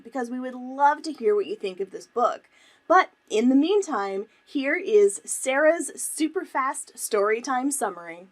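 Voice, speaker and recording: Woman, museum teacher, children's storytime, upbeat, lively intonation. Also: high-pitched. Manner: upbeat, friendly, addressing children directly.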